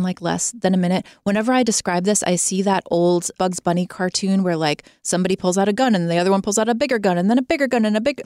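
Low-voiced woman, dry close podcast sound. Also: dry recording. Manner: expressive, emphatic, talks straight to the listener. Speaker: podcast host. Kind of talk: conversational podcast monologue.

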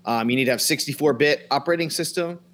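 A man's voice: on the high side, fast talker, fairly bright tone. A man co-hosting a photography podcast in casual, joking chat, teasing his partner. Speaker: podcast co-host.

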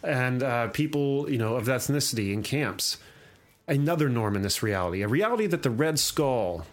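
Male host, mid-pitched, chatty and long-winded, casual storyteller. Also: animated, normal speed. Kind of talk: casual chat.

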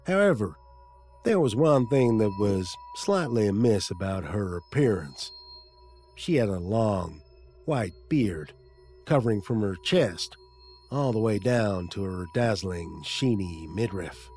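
A man's voice: fairly low pitch, big pitch swings, slow pace, warm tone, faint music behind. A man narrating a comic audiobook in a wry storytelling manner.

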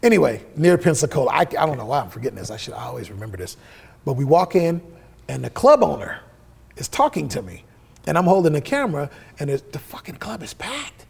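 A man's voice: fairly high pitch, fairly quick, gravelly, breathy edge. A middle-aged man telling stories in a casual interview, swearing freely and acting out the dialogue he quotes. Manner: profane, animated storyteller who acts out quoted dialogue. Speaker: interview guest, musician.

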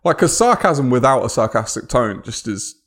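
A man's voice: medium pitch, sing-song, brisk. A man co-hosting a casual podcast chat, explaining things matter-of-factly. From Britain. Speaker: podcast co-host.

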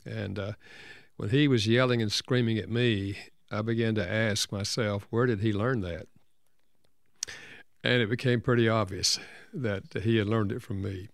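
An older man speaks as an interview guest, telling a personal story in an earnest, gentle way. His voice is lowish and gravelly, with a slight fry. The sound is close and dry, with no room around it. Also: fairly even intonation, moderate pace, dry recording. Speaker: counselor and author guest.

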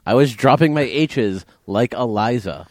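A man co-hosting a podcast in casual chat, playful and quick with jokes. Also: mid-range voice, animated, no echo. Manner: jokey, playful, quick with comebacks. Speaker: podcast co-host.

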